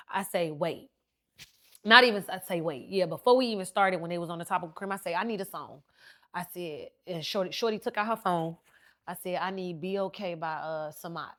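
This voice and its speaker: A woman hosts a podcast and tells her own story. She talks a lot and acts out what each person said. Her voice sits a little low. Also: normal speed. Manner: animated, talkative storyteller who acts out quotes. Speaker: podcast host.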